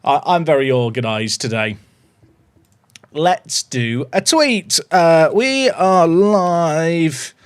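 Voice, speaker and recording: A man's voice: a little high, lively intonation, slow, smooth. A man chatting casually to viewers on a livestream from his home office, upbeat and talkative.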